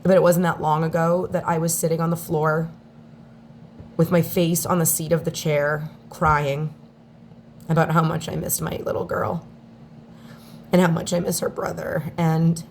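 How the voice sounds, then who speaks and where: A woman speaking in an emotional personal video statement, on the verge of tears, with halting, heartfelt delivery and long pauses. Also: sits low, level tone, a little hiss or hum. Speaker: mother speaking out in a daily video diary.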